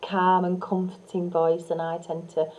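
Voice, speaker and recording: Woman trainer, calm instructional delivery, unhurried, warm and mellow tone. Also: lowish voice, poor audio. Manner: calm, soothing, with soft demonstration whispers; frequent fillers and restarts. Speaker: hypnotherapy trainer. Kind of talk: instructional teaching talk.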